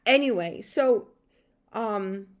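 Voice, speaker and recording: A woman's voice: mid-range voice, takes it slowly. A middle-aged woman caregiver telling a personal story in an emotional monologue, venting with heated outbursts and frequent swearing. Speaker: podcast host and caregiver.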